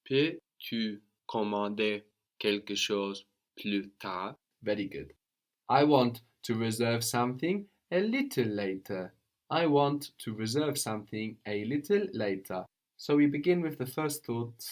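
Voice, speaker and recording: A man teaching a language lesson, patient and probing, often checking with a quick "no?". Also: medium pitch, lively intonation. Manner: patient, prompts with questions, tag "no?".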